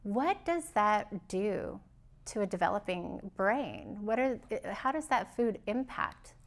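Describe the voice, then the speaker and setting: Woman host with a gravelly fry, curious, keeps asking follow-ups. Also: mid-range voice, lively intonation, takes it slowly. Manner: curious, responsive, asks follow-up questions. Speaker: interviewer host. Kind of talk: conversational interview.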